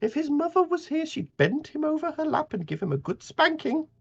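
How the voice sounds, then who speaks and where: A man voicing a prim, motherly old woman who scolds and fusses in a high falsetto. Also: very animated, a little fast, gravelly, exaggerated voice. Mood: motherly chiding. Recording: dull lo-fi audio, faint music.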